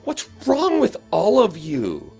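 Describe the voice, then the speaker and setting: A man's voice: medium pitch, wildly swooping pitch, fairly quick, a bit bright, soft background music, pitched above the performer's own voice. A man voicing a fierce, protective schoolgirl who speaks sharply and indignantly. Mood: furious.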